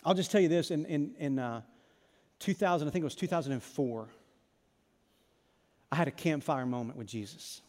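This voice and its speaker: A man with a notably high voice delivers a sermon as pastor. His delivery is dramatic, rising to loud emphasis and dropping to near-hushed intensity. A long hall reverb trails every phrase, as in a large sanctuary. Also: moderate pace, long pauses.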